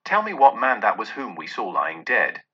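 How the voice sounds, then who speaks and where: A man voicing an anxious old miser in a read-aloud storybook, speaking urgently and solemnly. His voice is bright and slightly husky, and the recording is dull and muffled. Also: on the low side, wildly swooping pitch, moderate pace, full character voice.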